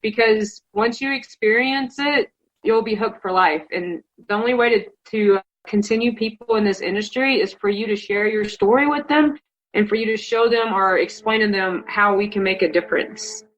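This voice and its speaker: A woman's voice: mid-range voice, moderate pace. A woman from Colorado, a hunting contest finalist, telling a story in a chatty, emotional way that's full of "like". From Colorado, United States. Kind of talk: casual interview storytelling. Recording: dull lo-fi sound.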